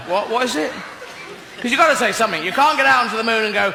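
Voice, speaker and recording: A comic with a high-pitched voice rambles through a stand-up routine, swearing and chuckling at his own asides. His voice echoes around a live venue, with heavy background ambience. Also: animated, fast, vocal fry, heavy background noise. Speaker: comedian.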